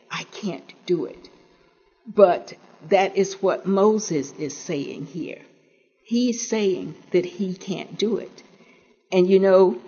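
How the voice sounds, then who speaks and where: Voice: medium pitch, darkish tone, husky, dull audio. A preacher giving an earnest sermon, asking the listeners questions and paraphrasing scripture in homely words.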